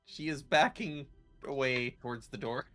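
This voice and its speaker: A woman's voice: very deep voice, normal speed, fairly bright tone, faint music behind. A woman playing a tabletop game, describing her character's moves with wry asides.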